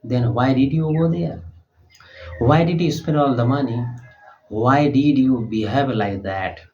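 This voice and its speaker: Slow man drilling English phrases. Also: medium pitch, darkish tone. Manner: slow, deliberate drilling of short sentences. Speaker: English teacher. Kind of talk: reading example phrases aloud. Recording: dull lo-fi sound.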